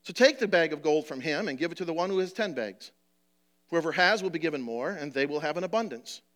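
A man reading aloud the lines of a wealthy master judging his servants, brisk and lower than his own voice. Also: expressive, a bit bright. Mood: stern. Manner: read aloud from scripture, brisk.

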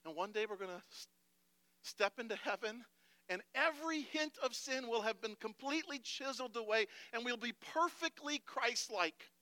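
A man, a pastor, preaching a sermon emphatically, moving between hushed passages and loud declarations. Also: very high voice, expressive, normal speed, no room sound.

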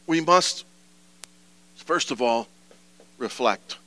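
A man's voice: mid-range voice, expressive, very slow, bright, forceful tone, no room sound. A man preaching a sermon as pastor, earnest and building to emphatic pleas.

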